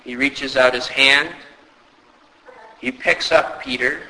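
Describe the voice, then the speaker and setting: A man preaching a sermon, often asking rhetorical questions and rising sharply in pitch for emphasis. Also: takes it slowly, creaky, long reverb tail, background noise. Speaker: pastor.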